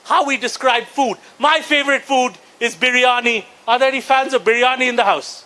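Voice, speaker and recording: A man from Calcutta with an Indian English accent, performing a stand-up comedy set in a brisk, mocking way and working the crowd. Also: very high-pitched, bright, forceful tone, poor audio.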